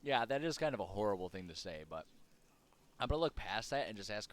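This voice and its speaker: A man's voice: on the low side, expressive, fast. A man streaming a role-playing game, chatting in a self-deprecating way and laughing at himself. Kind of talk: casual gaming commentary. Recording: game music behind.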